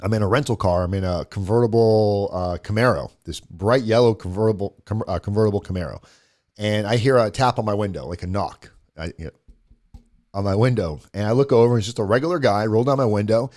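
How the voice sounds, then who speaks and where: Guy with a lowish voice, guest on a show, telling a story casually and quoting people. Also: a little fast, darkish tone. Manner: conversational, quotes others in the retelling, frequent restarts.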